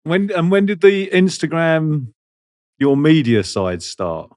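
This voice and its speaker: A man's voice: on the high side, big pitch swings, slow, a little mellow, no echo, clean studio sound. A man hosting a podcast, asking a guest questions and giving short encouraging responses. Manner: brief encouraging backchannels. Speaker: podcast host. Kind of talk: interview listening and asking questions.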